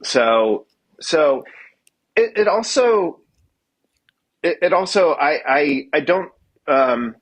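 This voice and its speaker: A man's voice: on the high side, expressive, slow pace, long pauses, husky. A man guest on a podcast, chatting casually and stopping often to restart his sentences, with a self-deprecating sense of humor. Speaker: guest musician.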